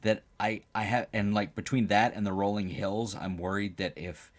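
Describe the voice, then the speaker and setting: A man's voice: on the low side, fairly even intonation, normal speed. A man co-hosting a casual chat, rambling and self-deprecating. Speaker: co-host.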